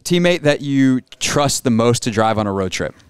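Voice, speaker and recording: A man in his thirties hosting a sports radio interview, asking quick, upbeat questions in a casual chat. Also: medium pitch, lively intonation, clear, resonant tone, dry recording. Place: studio.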